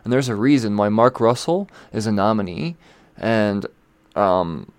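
A man's voice: fairly low pitch, animated, a little slow, dry recording. A man giving casual, rambling commentary on comic books, blunt and swearing freely, often trailing off mid-thought. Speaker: comic book reviewer.

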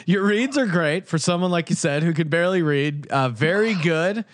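A man's voice: a little high, expressive, moderate pace, no echo. A man hosting a sports betting podcast, talking loosely with lots of fillers and laughs, and reading an ad. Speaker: podcast host. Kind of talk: casual podcast chat with ad read.

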